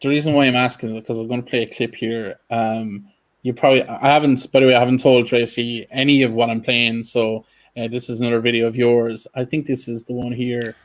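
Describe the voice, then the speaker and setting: A man's voice: mid-range voice, little pitch movement, a little fast. A man hosting a casual interview, rambling through questions with plenty of fillers. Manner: rambling, full of restarts and fillers. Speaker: podcast host.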